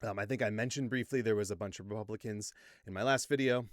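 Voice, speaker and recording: A man's voice: on the low side, fast, dry recording, studio quality. A man hosting a casual political commentary vlog from a home green-screen setup, goofy and rambling, joking at his own expense. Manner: goofy, rambling, self-deprecating.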